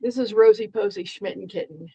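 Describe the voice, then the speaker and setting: A woman's voice: medium pitch, fairly quick, mellow, husky, poor audio. A woman live streamer chatting casually with her viewers, rambling, joking and repeating herself as she talks to the chat.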